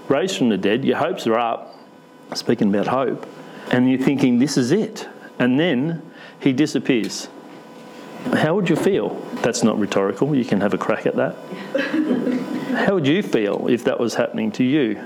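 Man, preacher, relaxed church sermon, mid-pitched voice, faint hiss. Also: poor audio. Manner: casual, asks the congregation questions, light humour. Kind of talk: conversational sermon.

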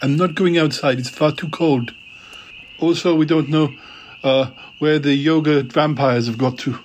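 A man's voice: on the high side, steady tone, a little slow, slight background noise, natural voice. A man voicing a shy, easily flustered character in a comedy audio drama, protesting nervously.

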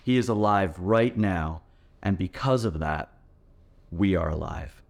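A man's voice: low voice, unhurried, creaky. A man preaching a sermon as pastor, in an earnest, emphatic way.

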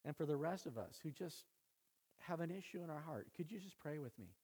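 A man preaching a sermon to his church, building emphasis through repeated phrases and easing into quiet prayer. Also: a little high, expressive, a little fast, slightly rough. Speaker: pastor.

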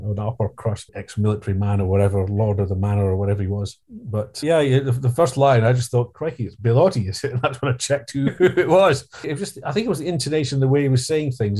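A man's voice: mid-range voice, dark tone. A man co-hosting a podcast, chatting casually in a rambling, detailed way with occasional chuckles. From England. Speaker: podcast co-host. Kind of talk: casual chat.

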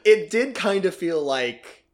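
A man's voice: high voice, slow pace. Laughing, jokey male podcast host. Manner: laughs often, jokey and animated. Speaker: podcast host scoring predictions. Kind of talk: casual movie-review chat.

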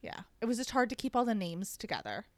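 A woman's voice: on the high side, very animated, quick pace, dry recording. A woman co-hosting a podcast, chatting casually and rambling through her stories. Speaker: podcast co-host. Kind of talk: casual chat.

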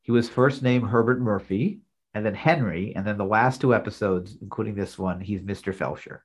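A man's voice: fairly low pitch, moderate pace, breathy edge. A man co-hosting a podcast, recapping a TV episode scene by scene in casual chat. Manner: narrates scenes plainly, then reads lines out. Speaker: podcast co-host.

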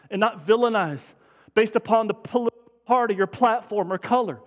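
A man's voice: extremely high pitch, expressive, fast talker, dull audio. A man preaching a sermon as pastor in a church sanctuary, fervent and urgent, often restarting his words. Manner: fervent, building to urgent emphasis; frequent restarts and stumbles. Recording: long hall reverb in a church.

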